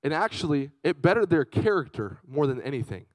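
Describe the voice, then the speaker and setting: A young man gives an animated youth sermon in a slightly high voice. He swings from loud bursts to hushed asides while he tells his stories. The sound is close and dry. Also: fairly quick, no echo, poor audio. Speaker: youth pastor.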